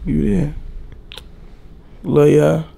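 A young man vlogging, chatting casually and teasing with a playful, laughing manner and a raspy voice. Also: fairly high pitch, steady tone, very slow, warm tone.

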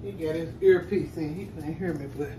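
A woman cooks at home and chats casually to her audience, speaking directly to "y'all" in a chatty manner. She's a cooking vlogger with a deep voice and a fairly quick pace. The sound is echoey, recorded on a distant mic over kitchen noise.

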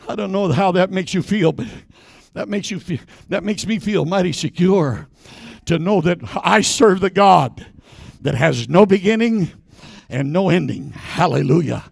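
An older man preaching a sermon in church, telling folksy stories and breaking into shouts. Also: high voice, expressive, a little slow, creaky, breathy edge, no echo, clean studio sound. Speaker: pastor.

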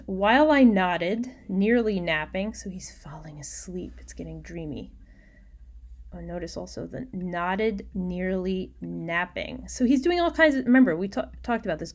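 A woman teaching a recorded poetry lesson at an unhurried, deliberate pace. She explains step by step and drops into quiet muttered asides while annotating on screen. Her voice sits at an ordinary middle pitch.

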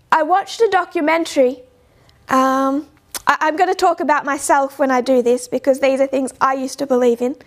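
A woman giving an informal lecture, slowing down to stress points and posing rhetorical questions. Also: sits high. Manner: measured, slows down to stress points. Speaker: speaker giving a talk.

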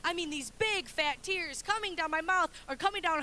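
A young adult woman pastor preaching a sermon with animated, humorous storytelling. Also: high voice, normal speed, a little hiss or hum.

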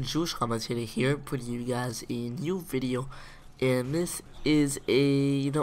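A man from Israel with a noticeable Israeli accent and a nasal, stuffed-up voice, as if his nose were always blocked. His first language is Hebrew, so he chats slowly and carefully, pausing to pick his English words. He talks casually to his viewers as a gaming commentator. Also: medium pitch, slight background noise. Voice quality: nasal, congested-sounding. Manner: slow and deliberate, pausing to find English words. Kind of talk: casual talk to camera.

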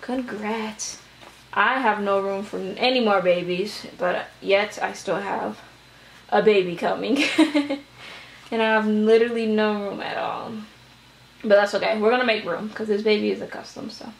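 A woman's voice: medium pitch, measured pace, gravelly. A young woman from Wisconsin chatting casually and rambling on a vlog, a little out of breath. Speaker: doll-collecting vlogger. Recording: echoey room.

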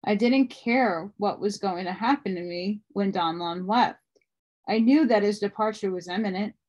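A woman reading a book aloud at a steady pace, with small restarts along the way. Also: medium pitch, moderate pace, dull audio. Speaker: audiobook reader.

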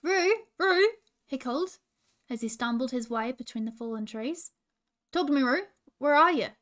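A woman voicing a slow, good-natured male wombat, earnest and fretful. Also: fairly high pitch, close to an everyday voice. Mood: worried.

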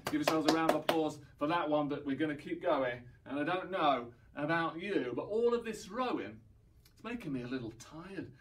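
A man leading young children through an action song, singing slowly and playfully acting out the sounds. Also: a little high, animated, recorded from a distance, a little hiss or hum. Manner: playful, sings slowly, mimes and acts out sounds. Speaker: children's singing session leader.

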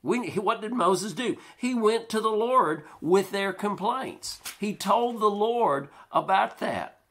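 A pastor preaching a sermon in a church, lively, now and then acting out worried voices in his quotes. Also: on the high side. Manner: animated preaching, acts out quoted complaints.

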